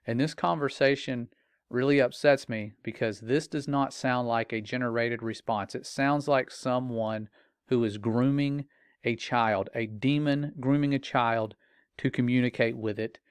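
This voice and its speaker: A man's voice: medium pitch, a little slow, clean tone, no echo. A middle-aged father telling a personal story in an earnest, warning tone, with casual fillers. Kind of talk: earnest personal testimony monologue.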